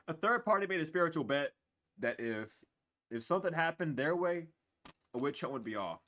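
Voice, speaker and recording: A man's voice: on the high side, normal speed. Blunt, profane young man doing a reading. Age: 20s. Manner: blunt, profane, animated, acts out other people's voices. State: tired, has the hiccups. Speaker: tarot reader. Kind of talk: casual spiritual reading to camera. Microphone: camera mic.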